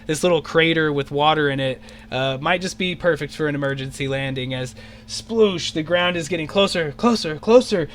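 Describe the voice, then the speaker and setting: A man narrates an online tabletop session as the dungeon master. His voice sits a bit high and has a bright, forceful edge. He rambles through the scene with plenty of fillers. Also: slight background noise. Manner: rambling, filler-heavy, quick to shout out character lines. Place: home, on an online voice call.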